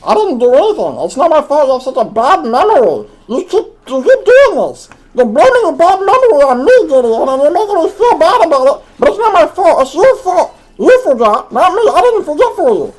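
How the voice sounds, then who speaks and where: A man's voice: very high voice, big pitch swings, fairly quick, hardly any pauses, low-quality recording. A man voicing a naive, clueless young man who argues defensively in comedic gaming banter. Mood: indignant. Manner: argumentative, defensive.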